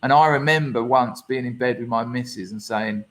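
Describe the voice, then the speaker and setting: A man's voice: mid-range voice, normal speed, a bit bright. Guy on a podcast, blunt and sweary, does the voices of people in his stories. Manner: blunt, sweary storytelling, acts out quoted voices. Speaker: podcast guest. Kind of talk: candid storytelling interview.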